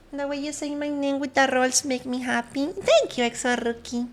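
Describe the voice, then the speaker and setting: A woman's voice: high voice, fairly even intonation, normal speed, slight background noise. A woman streamer, chatting casually with her viewers and greeting them one by one. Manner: chatty, greets viewers one by one, switches between English and Spanish.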